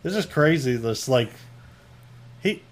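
A man's voice: mid-range voice, animated, slow, a little hiss or hum. A man from Ohio chatting casually about movies and actors' accents, loose and talkative with lots of filler words.

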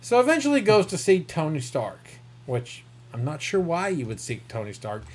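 A man's voice: fairly high pitch, huge pitch swings, normal speed. A man with a rural Southern American accent, rambling through a casual comic book review with self-corrections and chuckles. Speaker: comic book podcast host.

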